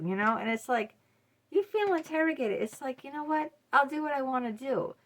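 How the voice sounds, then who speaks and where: A woman's voice: a little high, bright, forceful tone. A middle-aged woman talking straight to her viewers in a casual advice monologue, blunt and emphatic. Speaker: vlogger.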